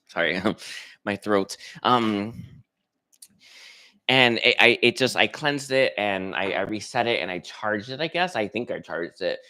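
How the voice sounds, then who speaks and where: A man hosting a spiritual livestream, talking casually and hesitantly with many pauses and restarts. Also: fairly low pitch, expressive, pushed and bright. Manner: hesitant, lots of ums and restarts. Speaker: psychic reader hosting a livestream.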